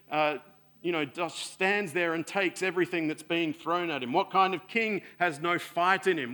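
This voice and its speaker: A man preaching a sermon in an earnest way, swelling louder and then sinking soft and low.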